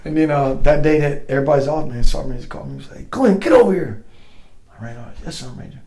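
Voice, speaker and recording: A man's voice: medium pitch, steady tone, racing, vocal fry, darkish tone, poor audio. A middle-aged man, a former soldier and the guest, telling stories in casual chat. He is profane and slangy and acts out other people's voices. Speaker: guest, former Green Beret.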